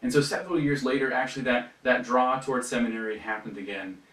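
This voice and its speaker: A man's voice: medium pitch, fast, fairly bright tone. A young adult man giving a personal faith testimony at a retreat, reflective and conversational, with frequent fillers and restarts. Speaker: retreat speaker. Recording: roomy, from a distance.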